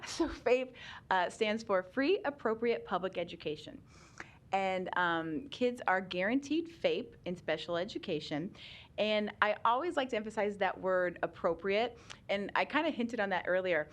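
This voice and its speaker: A woman's voice: medium pitch, lively intonation, normal speed. A woman giving a chatty talk on special education law at a public meeting, laughing often and using many ums.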